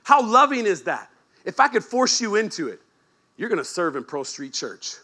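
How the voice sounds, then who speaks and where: A man preaching a sermon as pastor, animated and joking, moving from quiet asides to shouted emphasis. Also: high voice, normal speed. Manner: joking, teasing the congregation.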